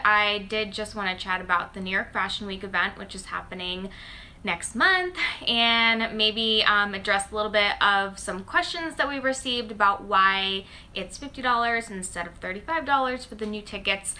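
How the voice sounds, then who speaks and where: A woman's voice: mid-range voice, pushed and bright. A woman hosting a casual phone livestream for her followers. She speaks with a slight lisp and talks in a chatty, upbeat way with frequent "um"s. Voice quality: slight lisp from dental aligners. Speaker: host and founder of a blogger network.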